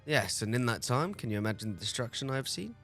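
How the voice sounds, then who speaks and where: A man voicing an ancient, weary, formal sorcerer creature from a game, reading its lines aloud in a slow, formal way. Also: medium pitch, sing-song, a bit bright, faint music behind. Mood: weary, solemn.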